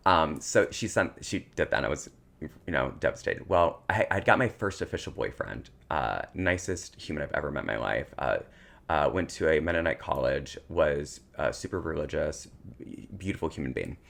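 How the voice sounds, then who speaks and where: Gravelly low-voiced man telling stories. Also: moderate pace. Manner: emotional, tearful at times, animated storytelling. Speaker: podcast co-host. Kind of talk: casual chat, personal storytelling.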